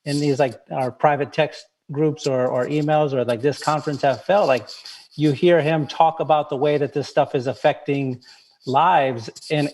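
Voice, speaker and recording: A man's voice: a little high, fairly even intonation, moderate pace, a little mellow, rough recording. A male writer talking as a panel guest, frank and jokey, swearing casually. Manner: frank, joking, swears freely.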